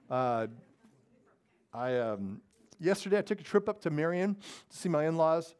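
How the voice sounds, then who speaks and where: Casual, animated male pastor preaching. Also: a little high, clean tone. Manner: casual, self-deprecating, animated when preaching. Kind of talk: sermon with opening prayer. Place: church sanctuary.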